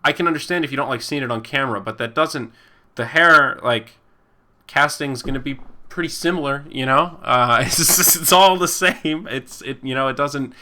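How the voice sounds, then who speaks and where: A man's voice: mid-range voice, pushed and bright. A man in his twenties hosting a casual podcast, rambling and chuckling as he reads viewer comments and acts out the people he quotes. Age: 20s. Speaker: podcast host and esports caster. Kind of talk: casual chat reading live chat.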